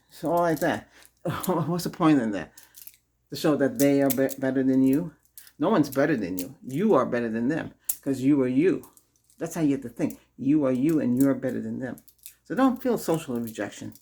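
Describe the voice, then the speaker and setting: Gravelly husky man giving casual advice. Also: mid-range voice, mellow. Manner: chuckles often between remarks, repeats himself. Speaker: Reiki ASMR host. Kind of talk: casual spoken advice to viewers.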